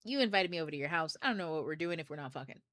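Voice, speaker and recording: A woman puts on a pushy grown man leaving a crude voice memo. He sounds blunt and entitled, with a bright, forceful tone. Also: low voice, expressive, rapid-fire, no echo, clean studio sound.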